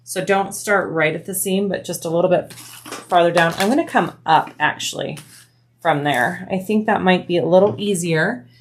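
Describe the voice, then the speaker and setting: A woman's voice: fairly low pitch, moderate pace, slight background noise. A woman hosting a bag-making tutorial, chatting casually as she explains each step while she works.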